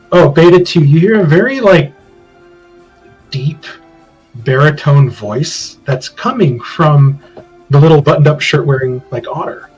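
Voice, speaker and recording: A man's voice: on the high side, breathy edge, poor audio. A man running a tabletop game as game master, describing scenes in a loose, hedging way full of fillers.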